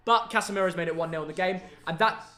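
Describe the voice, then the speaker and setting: A young man chats about football in a high, lively voice, jokey and excitable. His voice bounces around a roomy, echoey space. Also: fast talker. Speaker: co-host of football reaction stream. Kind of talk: casual chat. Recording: echoey room.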